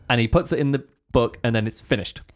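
A man's voice: medium pitch, expressive, fairly quick. A man hosting a book review podcast, chatting casually with lots of fillers and restarts. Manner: rambling, full of fillers and restarts. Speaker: podcast host.

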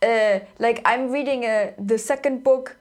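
A woman's voice: on the high side, measured pace. A woman co-hosting a casual book podcast, chiming in with short interjections and finishing the other speaker's sentences. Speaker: podcast co-host. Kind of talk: casual chat.

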